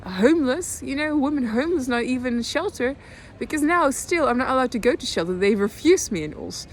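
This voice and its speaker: Hesitant Dutch-accented young woman. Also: a little hiss or hum. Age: 20s. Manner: halting, hesitant, many fillers and restarts; calm, low-key, slow speech. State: near tears. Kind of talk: personal video diary.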